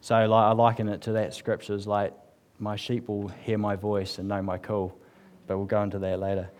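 A man's voice: lowish voice, level tone, moderate pace, darkish tone. A man giving a casual, humorous sermon to a live congregation. He talks in a chatty, joking way, full of fillers, and reads passages aloud. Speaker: church speaker. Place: church service with live congregation.

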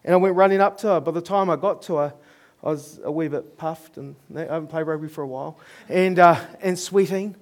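A man with a New Zealand accent delivers a storytelling sermon in a noticeably high voice. He is earnest and middle-aged, and he chuckles at his own mishaps as he preaches. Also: a little fast.

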